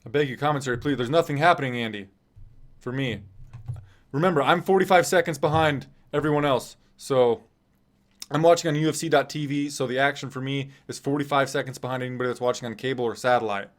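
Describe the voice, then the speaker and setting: A man's voice: medium pitch, fast talker. A man from Nebraska hosting a live fight stream, commenting casually with a chatty, self-deprecating, wry manner. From Nebraska, USA.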